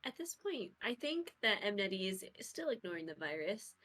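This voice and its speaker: A woman's voice: mid-range voice, sing-song, moderate pace, fairly bright tone. A woman playing in a tabletop game, talking casually and bubbly as she thinks aloud. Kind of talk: casual chat.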